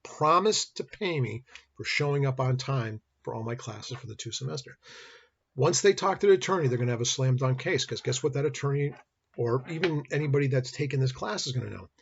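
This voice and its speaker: A man's voice: medium pitch, expressive, fairly quick, gravelly, breathy edge, dull audio. A middle-aged man, teaching college business law in a recorded lecture and telling folksy stories. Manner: folksy storyteller, acts out dialogue. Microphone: built-in computer or webcam mic.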